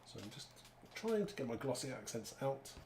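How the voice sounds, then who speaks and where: A man's voice: mid-range voice, very animated, moderate pace, a little mellow. A man hosting a live card-making demonstration, chatting to viewers as he works. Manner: chatty, talks to viewers while working. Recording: echoey room with faint background noise.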